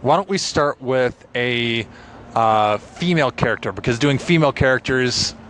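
A man co-hosting a casual podcast chat, playful and halting with fillers. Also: mid-range voice, animated, a bit bright, slight background noise. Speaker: podcast co-host, narrator.

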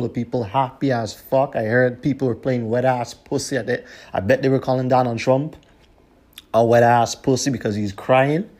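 A man's voice: medium pitch, a little mellow. Profane ranting man. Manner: profane, heated, repetitive ranting. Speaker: podcast host. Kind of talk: solo podcast rant.

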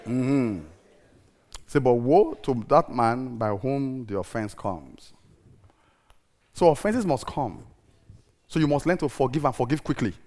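A man in his fifties preaching a sermon in a church, repeating phrases, calling for responses and swinging from soft to loud emphasis. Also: mid-range voice, expressive, unhurried, long pauses. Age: 50s.

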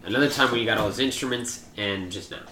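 Young guy cohosting a podcast at home, bright animated voice, swears a lot, echoey room. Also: lowish voice, quick pace. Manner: jokey storyteller, swears freely. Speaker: podcast co-host. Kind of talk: casual chat, crude banter. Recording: echoey room, faint hiss.

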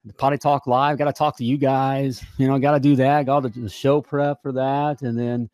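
A man's voice: medium pitch, flat delivery, moderate pace, darkish tone, no room sound. An American man hosting a live podcast, chatting in an upbeat, folksy way and repeating himself often. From United States. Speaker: podcast host. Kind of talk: upbeat live show chat.

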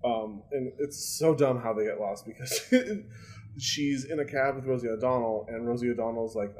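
A man at an ordinary middle pitch co-hosts a casual podcast. He rambles through his retelling with many fillers and restarts. He swears freely and laughs often. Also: steady tone, moderate pace, a little mellow, poor audio. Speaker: podcast co-host. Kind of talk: casual chat recapping a sitcom.

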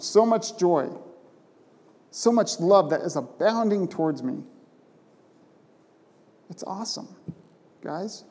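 A man's voice: fairly high pitch, mellow. A man preaching a sermon from a pulpit, emphatic and conversational, often tossing in rhetorical questions. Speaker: pastor. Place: church sanctuary. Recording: long church reverb.

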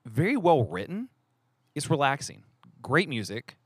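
A man's voice: medium pitch, big pitch swings, measured pace, a bit bright, breathy edge, dry recording, studio quality. A man from southern West Virginia co-hosting a podcast, chatty and joking. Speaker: podcast co-host. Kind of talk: casual chat.

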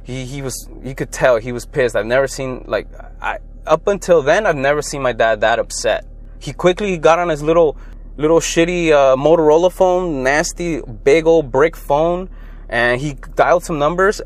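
A young adult man from Los Angeles, hosting his own podcast and telling childhood stories in a loose, rambling way that gets animated when he quotes people. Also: fairly high pitch, normal speed. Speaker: podcast host. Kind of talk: casual solo storytelling.

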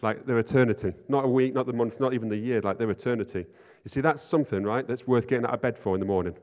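A man's voice: mid-range voice, very fast, darkish tone. A man preaching an informal sermon, chatty and self-deprecating, often asking "right?". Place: church hall. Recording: lo-fi sound in a reverberant hall.

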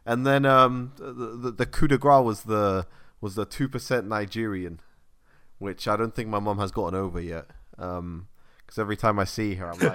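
A young man hosting a podcast, telling stories excitedly in loose slang. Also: fairly low pitch, normal speed. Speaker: podcast host. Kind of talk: casual chat.

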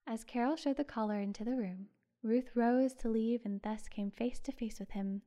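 A woman narrating a short story audiobook in a calm, measured way. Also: a little high. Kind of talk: scripted narration.

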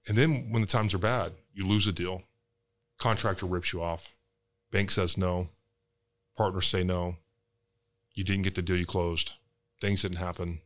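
A man's voice: low-pitched, fairly even intonation, measured pace, long pauses, fairly bright tone. A man, a real estate entrepreneur, candidly telling a personal story as a podcast guest, emotional and casually swearing.

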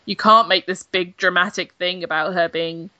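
A young woman talking games on a casual podcast, blunt and animated, cursing without a second thought. Her voice is bright and forceful. It is recorded dry and close, with no room sound. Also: on the low side, normal speed, no echo, muffled recording. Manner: blunt and animated, swears freely. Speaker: podcast guest, games journalist.

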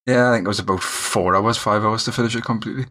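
A man's voice: fairly low pitch, fairly even intonation, quick pace, sharp tone. A young man with a Geordie accent, co-hosting a casual gaming podcast in a laid-back, easygoing way. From North East England. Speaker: podcast co-host.

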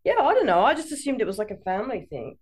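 A woman's voice: on the high side, sing-song, very fast, slightly rough. A woman from England with an English accent, chatting on a podcast and jumping in with eager questions. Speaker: podcast co-host. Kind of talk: casual podcast chat.

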